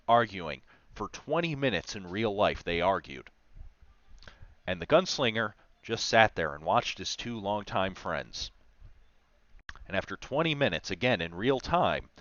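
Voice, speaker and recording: A man with a smooth, lowish voice talks casually on a livestream, spinning stories with wry asides as a game master. The sound is dry and close, with no room around it. It comes through dull and lo-fi. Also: sing-song, measured pace, a bit bright, no echo. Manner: chatty, storytelling, wry asides. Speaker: game master streaming a talk on game design.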